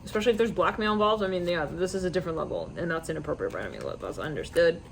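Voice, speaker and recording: A woman giving a casual, rambling psychic tarot reading to her viewers, slipping into quick quoted asides. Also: lowish voice, expressive, vocal fry, a little hiss or hum. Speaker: tarot reader.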